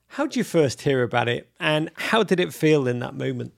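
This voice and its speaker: A man's voice: mid-range voice, expressive, moderate pace, vocal fry. A man hosting a podcast interview in a jokey, theatrical way. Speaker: podcast host. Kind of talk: playful interview.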